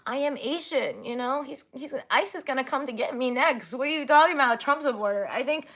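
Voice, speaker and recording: A woman's voice: high-pitched, a little fast, fairly bright tone. A woman in her thirties chatting casually on a livestream, reading viewer comments aloud and giggling often.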